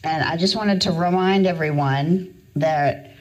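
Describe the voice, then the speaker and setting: A woman presenting policy changes at a formal public meeting. Her voice is low and her delivery is slow and unhurried. She speaks in a businesslike, direct way. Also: a little mellow.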